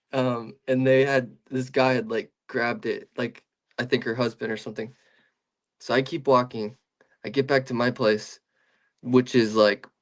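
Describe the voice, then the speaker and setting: A young man in casual podcast chat, telling a long story with many restarts and fillers. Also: mid-range voice.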